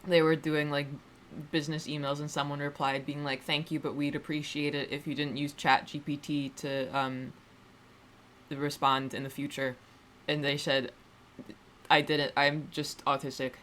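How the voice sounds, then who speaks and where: A woman's voice: low voice, flat delivery, moderate pace, fairly bright tone, slight background noise. A woman streamer chatting casually to her viewers, rambling and wry, often restarting her sentences and swearing offhandedly. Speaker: livestreamer. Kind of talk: casual livestream chat.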